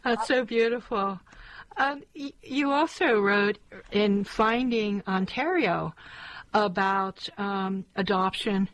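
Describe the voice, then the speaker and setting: A woman interviewer speaking gently and haltingly, responding with appreciation to her guest. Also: medium pitch, no room sound, rough recording. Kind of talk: casual interview conversation.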